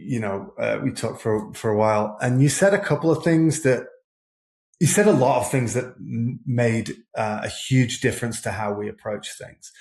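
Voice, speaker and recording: A man talking as a podcast guest in a casual interview, rambling and hesitant with many restarts. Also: mid-range voice. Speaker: podcast guest, print shop owner. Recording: roomy echo.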